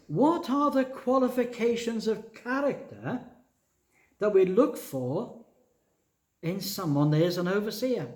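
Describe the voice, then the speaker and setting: A man preaching from the pulpit, his voice sitting a little higher than most men's. He works through scripture step by step and turns to the congregation with questions. The sound rings around a roomy, echoing church. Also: a little mellow. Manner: explains scripture verse by verse, asks the congregation questions. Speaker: pastor. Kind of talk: sermon.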